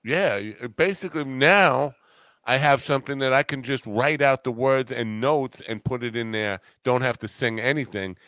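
A man's voice: mid-range voice, moderate pace, a bit bright, dry recording. A man hosting a podcast in casual chat, easygoing and self-deprecating. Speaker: podcast host.

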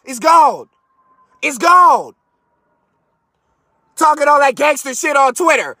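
A man hosting a live stream, ranting in a profane, mocking way from his car and sometimes breaking into shouts. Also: very high voice, lively intonation, moderate pace, no room sound. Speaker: podcast host.

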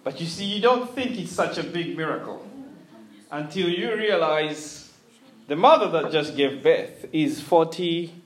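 A man preaching a sermon, telling a story in an animated way with chuckles and restarts. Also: a little high, unhurried.

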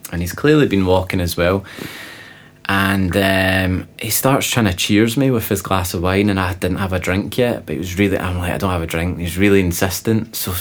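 A man, a guest on an interview podcast, telling lively travel anecdotes in a casual way with laughing asides. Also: low-pitched. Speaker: interview guest, presenter and explorer. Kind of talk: casual storytelling.

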